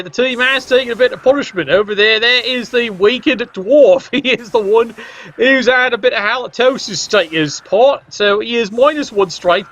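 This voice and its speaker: A man's voice: sits high, fairly bright tone, highs cut off. A man giving casual, chatty commentary on a tabletop-style video game, joking with viewers in the chat.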